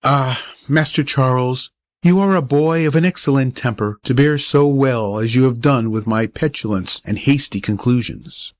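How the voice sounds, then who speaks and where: A man voicing a good-natured older male doctor, quick to jump to conclusions, speaking in formal, old-fashioned phrases in a storybook reading. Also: mid-range voice, dry recording, close to an everyday voice. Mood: apologetic.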